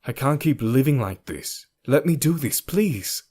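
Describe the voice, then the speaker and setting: A man's voice: medium pitch, lively intonation, measured pace, pitched above the performer's own voice. A man voicing a defensive young man arguing with his partner in an audio story. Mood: apologetic. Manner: defensive, sharp.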